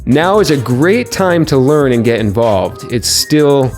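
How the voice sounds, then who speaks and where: A man's voice: medium pitch, lively intonation, measured pace, a little mellow, faint music behind. A man hosting a marketing podcast, introducing his guest in an upbeat way and asking him questions. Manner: upbeat, playful announcer voice at times. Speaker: podcast host.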